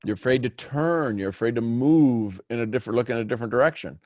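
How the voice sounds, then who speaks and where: Male host-coach, mid pitch, blunt and playful, dry close recording. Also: fast, a little mellow, no room sound. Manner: blunt, teasing, laughs often. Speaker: coach and host of morning call. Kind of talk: casual coaching chat.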